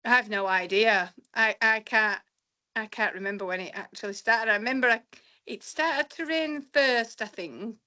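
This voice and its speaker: A woman's voice: a little high, normal speed, pushed and bright. Chatty woman. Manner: chatty, rambling with restarts. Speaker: podcast co-host and race runner. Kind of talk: casual podcast chat.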